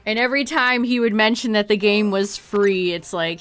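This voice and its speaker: A woman's voice: medium pitch, steady tone, moderate pace, few pauses, faint music behind. A woman streaming a game, chatting casually with her viewers, laughing often and trailing off mid-sentence. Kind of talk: casual livestream chat to viewers.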